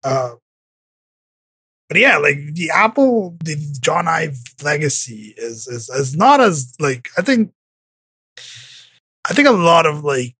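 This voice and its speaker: A man hosting a casual podcast chat, talking in halting bursts full of filler words. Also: a little high, very animated, pushed and bright, slightly rough, dry recording. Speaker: podcast host.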